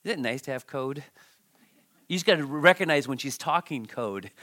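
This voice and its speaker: With lively intonation in a mid-range voice, a male pastor gives a dramatic Bible-teaching sermon. He halts, repeats himself and restarts, moving between loud outbursts and hushed, almost whispered lines.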